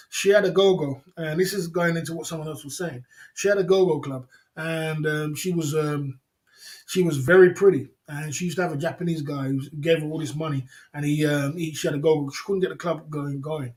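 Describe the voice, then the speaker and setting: A man hosting a livestream tells stories loosely and rambles, his voice on the high side and his pace fairly quick. He keeps going back over the same lines, chuckles often, and speaks to the people in the chat.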